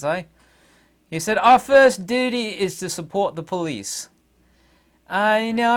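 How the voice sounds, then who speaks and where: Casting note: middle-aged American man, indignant solo commentary, lively swooping pitch. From United States. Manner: indignant, rambling, with sarcastic asides. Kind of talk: casual political monologue.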